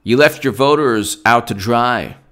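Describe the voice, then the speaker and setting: A man's voice: medium pitch, unhurried, a bit bright. A man giving political commentary in a solo video, combative and rambling, with asides and quotes read from his phone.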